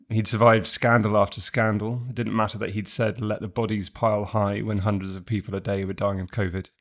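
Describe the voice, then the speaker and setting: A man hosting a podcast, introducing his guest and asking questions in a measured, clearly articulated way. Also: fairly low pitch. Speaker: podcast host. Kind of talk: scripted podcast introduction and interviewing.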